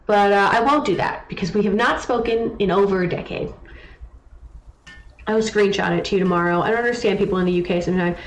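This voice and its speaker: A woman's voice: mid-range voice, moderate pace. A young adult woman streaming a game live, chatting casually and teasingly answering her chat. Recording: echoey room with faint noise.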